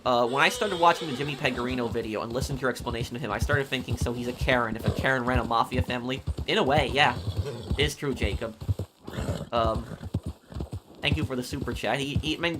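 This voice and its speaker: A man streaming a game, chatting casually and answering super chats in a halting, opinionated, rambling way. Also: mid-range voice, noisy background. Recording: game sounds with horses behind.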